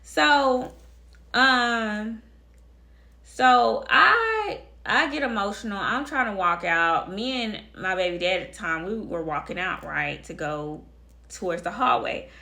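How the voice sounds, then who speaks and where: Bright, blunt woman telling a story. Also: mid-range voice, expressive, slow, vocal fry. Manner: emphatic, blunt, repeats phrases for effect; addresses viewers directly. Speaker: storytime vlogger. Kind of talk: casual storytelling to camera.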